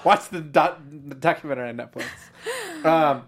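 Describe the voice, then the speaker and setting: A woman with a deep, low voice co-hosts a fan after-show in relaxed conversation. She recaps runs with numbers and slips in quick jokes, keeping an upbeat tone. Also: very noisy. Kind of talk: casual chat.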